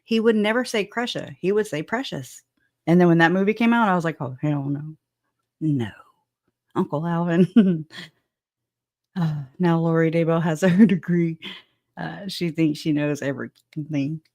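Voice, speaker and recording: Her voice is lowish and somewhat dark in tone, moving at an ordinary speed in studio-quality audio with no room sound. She's a southwest Louisiana woman casually hosting a true-crime livestream, chatting with viewers, greeting them, and laughing through joking asides.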